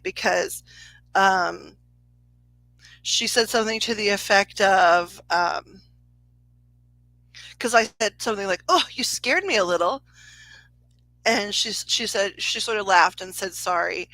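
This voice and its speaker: Chatty, bright-voiced woman psychic. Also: medium pitch, dry recording, low-quality recording. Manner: chatty, laughs often, swears freely. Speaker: psychic medium giving a live reading. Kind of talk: casual livestream storytelling.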